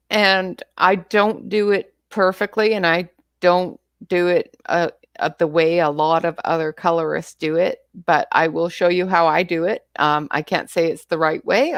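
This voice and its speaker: A woman's voice: fairly low pitch, normal speed, few pauses, no echo. A woman with a Canadian accent co-hosting a casual live stream, laughing often and talking in a friendly, hesitant way. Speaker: co-host of a coloring live stream.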